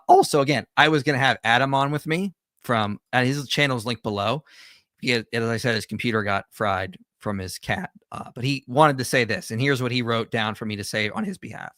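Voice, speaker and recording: A man's voice: medium pitch, fairly bright tone, no echo, clean studio sound. A man hosting a livestream, giving conversational reaction commentary with frequent restarts and self-corrections. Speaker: host.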